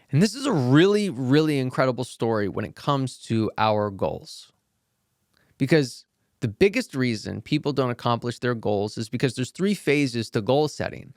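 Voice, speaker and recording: Animated man telling a motivational story. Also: mid-range voice, moderate pace, no room sound, clean studio sound. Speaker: podcast host and acting coach.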